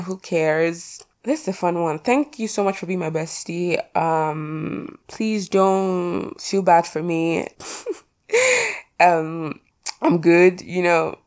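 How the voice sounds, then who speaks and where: Teen girl rambling on her podcast, lotsa "like", kinda low voice. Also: darkish tone. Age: teens. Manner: chatty, rambling, self-mocking with frequent "like". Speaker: podcast host. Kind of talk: casual solo podcast chat.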